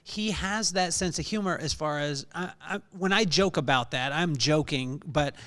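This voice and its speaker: A man's voice: a little high, normal speed, sharp tone. A man hosting a podcast, joking and laughing as he asks questions in a casual interview. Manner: joking, laughs while talking. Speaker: podcast host.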